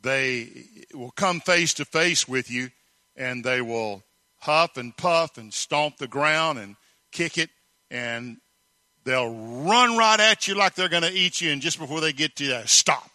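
A man's voice: on the high side, unhurried, bright, forceful tone, no echo. A man preaching a sermon, telling stories emphatically and asking rhetorical questions. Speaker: pastor.

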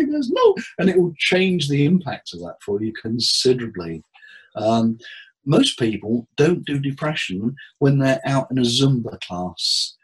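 A man, a therapist, giving tips in a relaxed interview with jokes and acted-out quotes. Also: mid-range voice, husky, poor audio. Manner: jokey, anecdotal, acts out quotes. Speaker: therapist and hypnotherapist guest.

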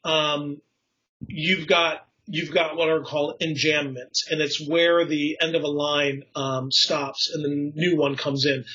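A man with a slightly high, bright voice speaks slowly in a level yet forceful tone, casually explaining poetic craft as an enthusiast. His talk rambles with fillers, restarts, and tangents, and he chuckles at his own slips. The audio is somewhat dull and lo-fi.

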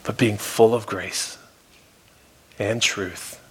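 A male pastor preaching a sermon, telling a story and dropping at times to a soft, hushed voice for emphasis. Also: fairly low pitch, fairly even intonation, extremely slow, breathy edge. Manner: storytelling, shifts between soft hushed tones and raised emphasis. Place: church.

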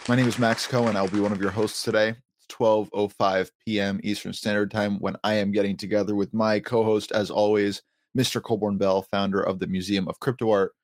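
A man's voice: on the low side, little pitch movement, fairly quick, no room sound, a faint crowd. A man hosting a podcast, chatting casually and explaining things at length with small laughs. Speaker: podcast host.

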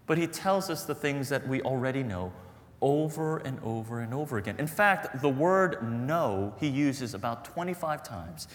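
Lively-voiced male pastor preaching. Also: on the high side, in a large hall. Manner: earnest storytelling preacher, repeats phrases for emphasis. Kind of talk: sermon.

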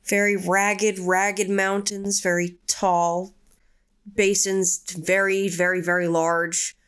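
A woman reading a session transcript aloud, describing things in a halting, searching way with many fillers. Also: medium pitch, little pitch movement, fairly bright tone, clean tone.

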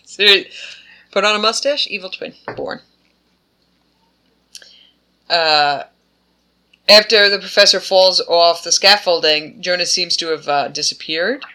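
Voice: mid-range voice, measured pace, pauses often, pushed and bright. A podcast co-host in casual chat who rambles and slips into offhand character voices.

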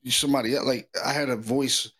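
A man's voice: mid-range voice, fairly even intonation, fairly quick, a bit bright, husky. A man hosting a podcast, telling stories in a laid-back, slangy way. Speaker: podcast host. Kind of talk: casual chat.

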